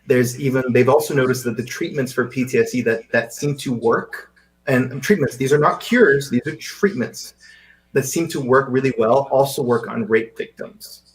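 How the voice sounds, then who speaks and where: A man who grew up in Seychelles, hosting a casual video chat in an animated way, often stumbling over repeated words. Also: mid-range voice, moderate pace, rough recording. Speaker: host. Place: live video call.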